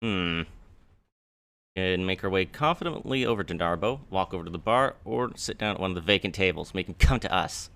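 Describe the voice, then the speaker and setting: Low bright-voiced male streamer. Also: animated, fairly quick, clean tone. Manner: casual, with swearing asides. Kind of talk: reading game text aloud.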